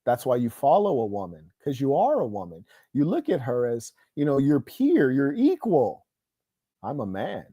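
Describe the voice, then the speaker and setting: Hosting an online livestream, a man delivers a combative monologue that comes across as boastful, scornful and preachy. His mid-range voice has a dark tone, captured with clean studio sound and no echo.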